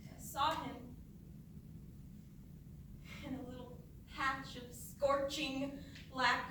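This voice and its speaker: A woman's voice: sits high, level tone, a little slow, far from the mic. A woman playing an eerie mother who is sweetly cheerful one moment and coldly morbid the next. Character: eerie doting mother of grown children, dwells on a dead son. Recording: echoey room, mic from afar, noisy.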